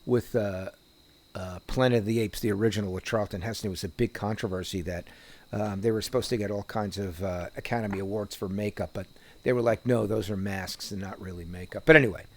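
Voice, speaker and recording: A man's voice: fairly low pitch, fairly even intonation, fast talker, a little hiss or hum. A man with a New Jersey accent, chatting casually as a podcast co-host, rambling and profane with many restarts. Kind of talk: casual chat.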